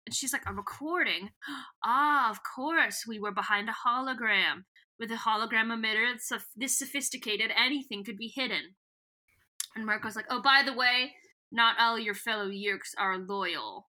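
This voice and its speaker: A young adult woman co-hosts a casual podcast, retelling a book's plot in a loose, storytelling way. Her voice sits on the high side, bright and forceful, at a normal speed, and she giggles often while reading characters' lines aloud.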